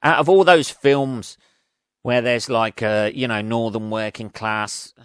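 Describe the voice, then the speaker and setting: A comedian hosts his own podcast, rambling through a casual monologue in a sweary, self-mocking way. His medium-pitched voice is clear, resonant and fairly bright with fairly even intonation and an unhurried pace, recorded dry at studio quality on a podcast mic.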